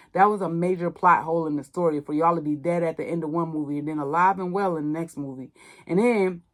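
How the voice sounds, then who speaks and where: Blunt, slangy woman reviewing a movie. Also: on the low side. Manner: blunt, animated storytelling with slang and profanity. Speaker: podcast host. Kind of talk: casual movie review chat.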